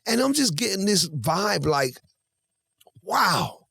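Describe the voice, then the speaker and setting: A man in his forties telling a story on a podcast, animated and acting out both sides of a conversation. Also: a little high, brisk, creaky, no room sound. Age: 40s. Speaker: podcast guest. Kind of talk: casual storytelling.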